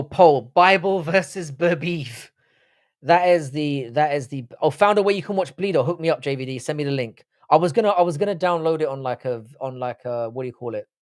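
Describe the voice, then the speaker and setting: A man's voice: medium pitch, darkish tone. Crude, bantering man with a London accent. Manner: banter-heavy, crude, reads chat aloud. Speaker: livestream host. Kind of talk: casual live-stream chat.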